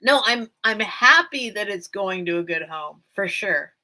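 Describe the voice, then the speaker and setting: Woman host of a home sales live stream, unhurried, bright and forceful tone, rambly and chatty. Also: medium pitch, animated. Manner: chatty, rambling, thanks viewers often. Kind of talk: casual live-stream chat.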